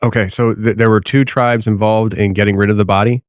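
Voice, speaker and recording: A man's voice: on the low side, steady tone, brisk, clean tone, no room sound. A man interviewing, who checks back and sums up what he has heard, over a tinny line. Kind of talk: clarifying questions in an interview. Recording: tinny phone-like line, dry.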